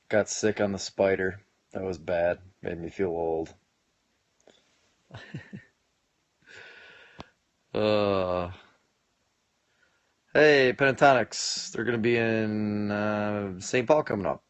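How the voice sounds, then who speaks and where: A man in his late twenties chats casually on a home live stream, joking with viewers and laughing often. His voice sits fairly low, and the sound is dry and close, with almost no room echo. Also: highs cut off. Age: late 20s. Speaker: live-stream host answering viewer comments. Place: home basement.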